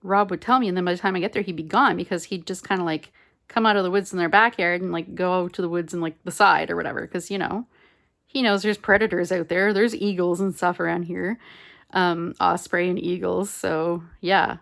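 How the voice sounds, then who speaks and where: Woman, low-pitched, gravelly, chatty and rambling, mutters to herself, phone mic at a home craft table. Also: steady tone, fairly quick, a bit bright. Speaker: collage artist. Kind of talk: casual crafting chat. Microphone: phone on a mount.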